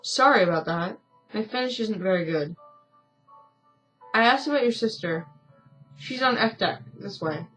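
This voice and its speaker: Kind young steward from a story game, gentle and serious, read by a woman in her own middle-pitched voice. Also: lively intonation, moderate pace, pauses often, faint music behind, lightly acted, poor audio. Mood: earnest. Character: kind, earnest young male ship steward.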